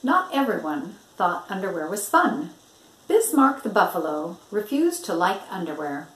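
An older woman, a grandmother, reading a picture book aloud in an expressive storytelling manner. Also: mid-range voice, moderate pace. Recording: roomy echo.

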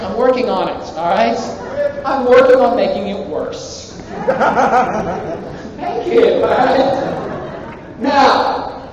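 A man's voice: high-pitched, measured pace, pauses often, background noise. A male university professor giving a live lecture, joking irreverently and quizzing his students in a large hall. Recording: echoey lecture hall from far off, dull.

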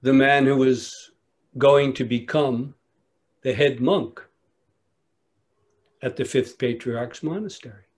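A man giving a dharma talk at a retreat, telling a teaching story in a measured way with long pauses. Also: mid-range voice, a little mellow. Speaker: meditation teacher.

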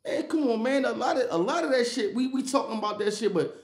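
A man's voice: extremely high pitch, animated, quick pace, roomy sound. A man co-hosting a casual podcast discussion, talking emphatically and checking in with "right?" and "come on, man.". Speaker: podcast co-host.

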